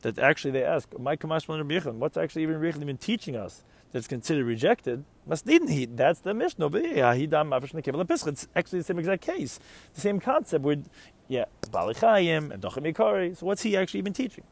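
Fast-talking man teaching Talmud. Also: fairly high pitch, sing-song, vocal fry. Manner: explains Aramaic text line by line in English, with rising questions. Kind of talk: Talmud lecture.

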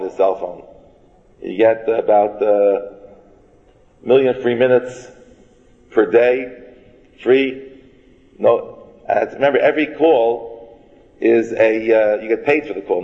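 A man giving a Torah lecture to a live audience in a folksy, joking way, restarting phrases and mixing in Hebrew and Yiddish words. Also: medium pitch. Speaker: rabbi teaching a class. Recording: dull, reverberant hall recording.

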